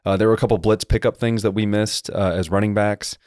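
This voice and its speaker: A man co-hosting a casual sports podcast, explaining football line play in quick, detailed technical breakdowns. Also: fairly low pitch, fairly even intonation, a little mellow, no room sound, clean studio sound. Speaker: podcast co-host and former lineman.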